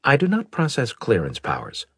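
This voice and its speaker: A man voicing a polite male alien AI that speaks in a formal, measured, robotic way. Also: medium pitch, huge pitch swings, fairly bright tone, slightly rough, no echo, studio quality, pitched above the performer's own voice, full character voice.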